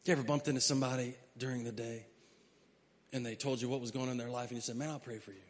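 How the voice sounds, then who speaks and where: A man preaching a sermon as pastor. He moves from quiet, conversational asides to loud, emphatic preaching and reads scripture aloud. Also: medium pitch, fairly even intonation, very fast, big-room sound.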